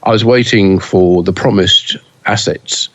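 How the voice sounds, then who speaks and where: Deep-voiced guy co-hosting a pinball podcast, lots of ums and restarts, kinda muffled lo-fi sound. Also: measured pace, a bit bright. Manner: hesitant, many fillers and restarts. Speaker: pinball news podcast co-host. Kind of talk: casual podcast chat.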